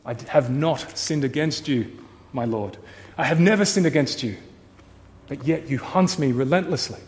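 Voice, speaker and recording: A man voicing a young warrior calling out to a king in a booming, commanding voice. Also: moderate pace, a little mellow, in a large hall, close to an everyday voice. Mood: bold pleading.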